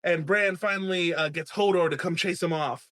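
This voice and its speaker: A man hosting a podcast, recapping a book in animated, playful casual chat. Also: high voice, moderate pace. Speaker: podcast host.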